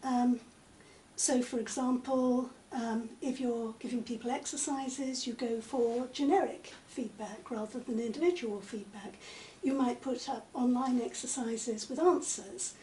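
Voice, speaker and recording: An older woman professor, answering interview questions in a measured, articulate way with frequent pauses. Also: fairly high pitch, mellow. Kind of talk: conversational interview. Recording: echoey room, mic at a distance, faint noise.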